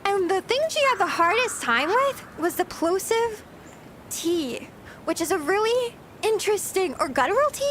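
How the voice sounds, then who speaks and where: A woman streamer chats casually with her live chat, giggly and talkative as she answers questions. Her voice is extremely high and fairly bright, with lively intonation, a moderate pace, and hardly any pauses, over slight background noise.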